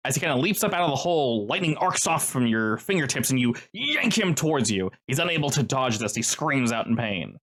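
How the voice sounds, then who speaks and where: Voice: medium pitch, fairly quick, few pauses. A game master narrating a tabletop game in a playful, joking way. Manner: playful, animated narration with jokey asides.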